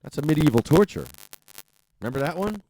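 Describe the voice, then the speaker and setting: A man's voice: on the high side, sing-song, fairly quick, warm tone, poor audio. A man hosting a podcast who jokes around and reads an ad in a sing-song way. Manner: playful, jokey, sing-song. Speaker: podcast host. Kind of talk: joking ad read and casual chat. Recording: music playing behind.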